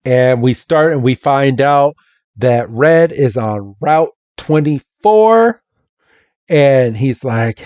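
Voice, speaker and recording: A man hosting a podcast talks unhurriedly, his pitch bouncing as he retells a comic. The audio is dull and dry. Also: expressive, slow pace, darkish tone, smooth, no room sound. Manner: chatty, laughing storyteller. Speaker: podcast host. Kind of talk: casual recap of a comic.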